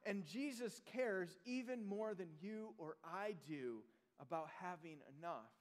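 An earnest male pastor with a fairly high voice preaches a sermon. He leans into key points by going soft and slow. His voice rings out with a long reverb, as in a large church hall. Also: animated.

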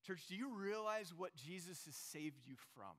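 A man's voice: high voice, animated, moderate pace, fairly bright tone. A man preaching a sermon to his congregation, earnest and storytelling, speaking straight to the listeners. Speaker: pastor. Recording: long reverb of a large hall.

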